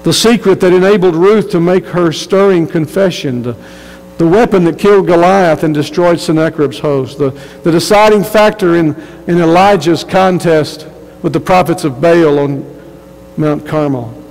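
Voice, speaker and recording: A man's voice: a little high, moderate pace, vocal fry, a little mellow, in a large hall, rough recording. A man preaching a sermon as pastor, earnest and emphatic, often repeating words as he restarts a phrase.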